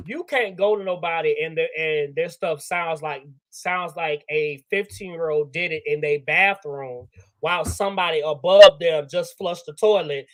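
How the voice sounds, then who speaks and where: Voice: mid-range voice, moderate pace, a bit bright, dry recording. A panel guest making points earnestly and emphatically, repeating key advice. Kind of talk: casual panel chat.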